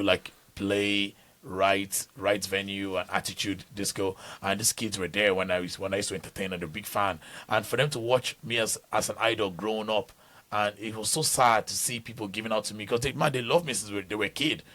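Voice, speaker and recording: A man's voice: fairly low pitch, steady tone, a little fast, sharp tone. A middle-aged man from Nigeria, a podcast guest telling stories in rambling casual talk, full of restarts. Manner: rambling storytelling with many restarts.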